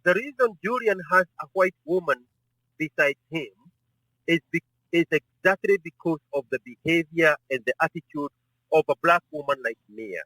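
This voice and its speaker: Sharp, pointed man in debate. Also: a little high, animated, moderate pace, no room sound, low-quality recording. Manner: pointed, politely cutting. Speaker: debate participant. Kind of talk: spoken debate.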